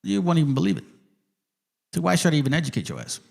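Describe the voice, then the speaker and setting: A man's voice: fairly high pitch, sing-song, fast talker, creaky, a little mellow. A man hosting a heated livestream argument, combative and profane, reading passages aloud between retorts. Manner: claims he talks like this without getting mad. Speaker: channel host.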